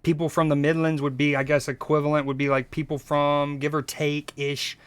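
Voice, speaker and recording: A man's voice: on the high side, little pitch movement, moderate pace, clean tone, no room sound. A man from the United States streaming, reacting in rambling, profane casual chat. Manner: rambling, profane, restarts often.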